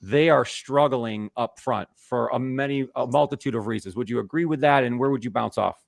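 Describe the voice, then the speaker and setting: Gravelly host in a dry room. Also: male voice, medium pitch, a little fast, dry recording. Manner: affirming, steers discussion to guests. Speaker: show host. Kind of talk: hosting sports talk.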